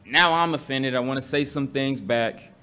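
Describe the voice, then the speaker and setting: A man's voice: medium pitch, normal speed, bright, forceful tone, smooth. A man with a casual, slangy manner, teaching a Bible study to a congregation and asking the room questions.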